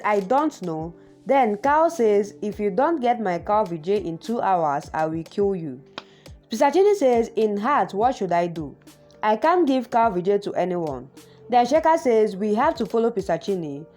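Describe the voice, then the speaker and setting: A woman narrating a TV series plot recap, reading out the characters' lines in a lively, sing-song way. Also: mid-range voice.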